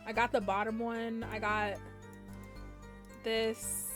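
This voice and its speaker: A woman's voice: on the high side, level tone, slow pace, music in the background. A woman streamer giving playful, giggly let's-play commentary and reading game text aloud. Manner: playful, giggly, swings into loud character voices.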